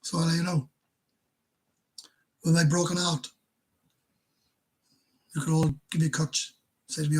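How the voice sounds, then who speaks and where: A man's voice: a little high, level tone, measured pace, pauses often, slight background noise, rough recording. A man with a Welsh accent hosting a live stream, chatting casually and reading out viewer comments in a blunt, rambling, self-mocking way.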